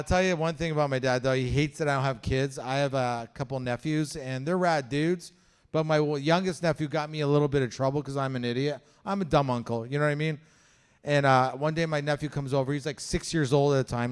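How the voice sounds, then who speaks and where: Stand-up comic, man from Canada, somewhat high voice, animated storyteller who swears and plays the other voices. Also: clear, resonant tone. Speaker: stand-up comedian. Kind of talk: stand-up comedy set. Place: comedy show venue with live audience.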